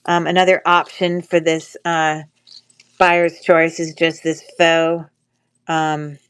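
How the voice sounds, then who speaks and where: A woman with a cold talks through a stuffy nose in a smooth, clear, slightly low voice. Running a live jewelry auction as casual live-stream selling chat, she rambles slowly and flatly, dropping plenty of "ums" and "uhs."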